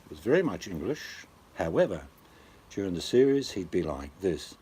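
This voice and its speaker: A man's voice: low-pitched, sing-song, normal speed, dark tone, breathy edge. An older Australian man with an Australian accent, chatting casually on his channel in a rambling, jokey way. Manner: rambling, jokey, swaps into impressions. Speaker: channel host. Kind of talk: casual chat.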